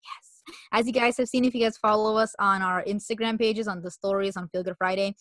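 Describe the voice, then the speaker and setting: A woman's voice: medium pitch, fairly even intonation, fast, a bit bright, no echo, studio quality. A woman co-hosting a podcast in casual, rambling chat, sniffling from a cold. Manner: chatty, rambling, giggly. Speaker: podcast co-host.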